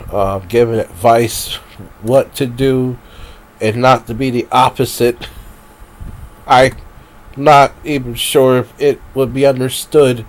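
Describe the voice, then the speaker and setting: Brief: male streamer, rambling profane rant, mid-pitched, emotional venting. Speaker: live streamer.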